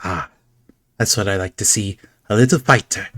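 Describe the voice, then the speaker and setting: A man's voice: lowish voice, normal speed, fairly bright tone. A man voicing a flamboyant, whimsical male showman in a tabletop game, talking in a theatrical, sing-song way. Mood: teasing.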